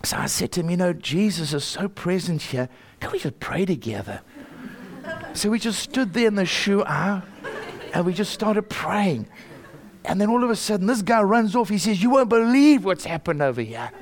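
An older man with a South African accent, telling a personal faith story in an earnest, animated way, often repeating words and chuckling. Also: high-pitched, moderate pace.

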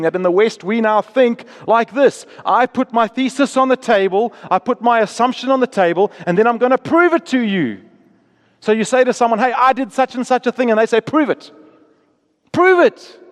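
A man preaching a sermon, reading scripture aloud and explaining it in a conversational way, often dropping to a slow, hushed tone on solemn words. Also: high-pitched, in a large hall.

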